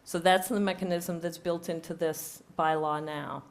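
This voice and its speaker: A woman's voice: fairly low pitch, steady tone, normal speed. A woman with a cold and a nearly lost voice, presenting a proposed bylaw at a town hearing, speaking close into a microphone and explaining it step by step. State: hoarse from a cold, voice nearly gone. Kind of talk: formal presentation at a public hearing. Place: town meeting room. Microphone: speaks close into a table microphone.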